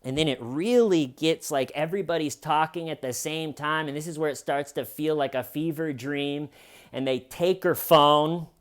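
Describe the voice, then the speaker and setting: A man giving sarcastic, comic true crime commentary in an animated storytelling manner. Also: fairly high pitch, moderate pace.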